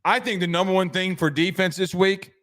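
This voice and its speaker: A man's voice: high voice, steady tone, brisk, a bit bright. A man hosting a casual sports commentary show, rambling and joking. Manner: rambling, joking, trails off into asides.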